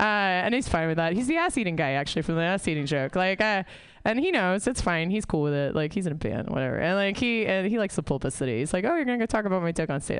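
A woman's voice: medium pitch, smooth, no echo. A woman doing a stand-up set, rambling, swearing a lot and mocking herself. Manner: profane, rambling, self-mocking. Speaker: stand-up comic. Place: comedy club stage.

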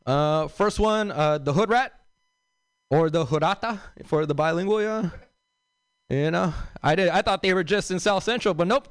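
A man's voice: high voice, smooth, dry recording. A young man from Los doing a stand-up set, with a loose, rambling delivery full of fillers and asides. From South Central Los Angeles. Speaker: stand-up comedian.

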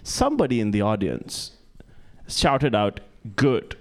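A man's voice: on the low side, huge pitch swings, takes it slowly, a little mellow. A young man performing a stand-up comedy set on a club stage, self-deprecating and stumbling over restarts. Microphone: handheld stage mic.

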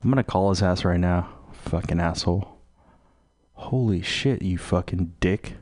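A man hosting a live community radio show, rambling slowly and swearing freely between music. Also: low-pitched, a little mellow. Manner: profane, slow and meandering. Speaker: radio host.

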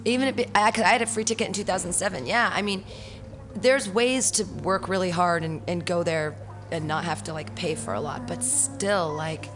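A woman co-hosting a radio talk show, speaking in a reflective, halting way in casual chat. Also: fairly low pitch, music in the background. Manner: reflective, halting, repeats words.

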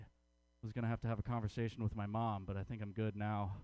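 A man's voice: mid-range voice, quick pace, darkish tone, no echo. A man doing a crude, self-mocking stand-up comedy set at a comedy club open mic.

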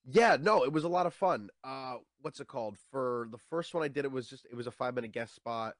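A man's voice: medium pitch, animated, fast, dry recording, studio quality. A young man, a stand-up comedian, chatting casually in an interview and often repeating words as he starts his sentences.

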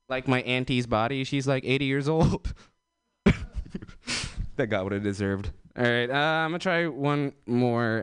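A man's voice: mid-range voice, clean tone, no room sound. A young man doing an open-mic stand-up set, rambling with lots of fillers and chuckling at his own jokes. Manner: loose, rambling delivery with many fillers and self-laughs. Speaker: stand-up comedian.

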